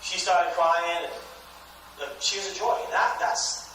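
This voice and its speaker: Bright-voiced man lecturing in an echoey hall. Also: high voice, measured pace, a little hiss or hum. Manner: animated storytelling, many "you know" fillers. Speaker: network marketing trainer. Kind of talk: motivational training talk. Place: training event room at a campus. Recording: echoey room from far off.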